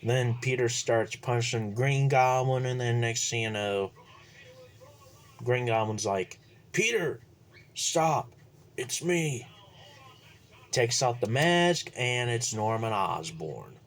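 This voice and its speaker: A man recapping a movie plot casually, rambling and halting with lots of fillers. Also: medium pitch. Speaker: movie reviewer.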